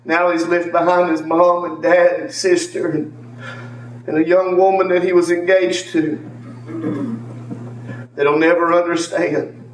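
A man's voice: a little high, flat delivery, measured pace, pauses often, a little hiss or hum. Man giving church testimony. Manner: earnest, repeats phrases, calls on congregation members by name. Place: church sanctuary. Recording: echoey church from far off with faint ambience.

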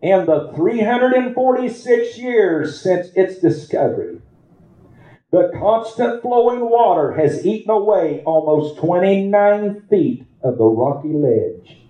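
Male pastor, sermon, folksy storyteller turning fervent, fairly high voice, muffled lo-fi sound. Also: animated, slow, mellow. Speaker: preacher. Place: church sanctuary. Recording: roomy, dull lo-fi church recording.

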